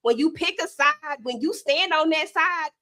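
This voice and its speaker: A woman's voice: high voice, normal speed, bright, forceful tone. A woman hosting a live panel chat, playful and emphatic, calling on her guests by name. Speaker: host. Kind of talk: casual chat.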